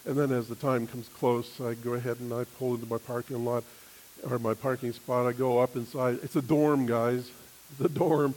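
A man preaching a sermon, telling a personal story with an animated manner and acting out other people's voices. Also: medium pitch, normal speed, low-quality recording.

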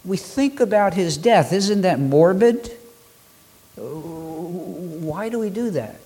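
A male pastor preaching from the pulpit, his delivery slow and deliberate. He builds his points in rhythmic, repeated lists and leaves weighty pauses between phrases. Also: high-pitched, lively intonation, dark tone, breathy edge. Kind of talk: sermon.

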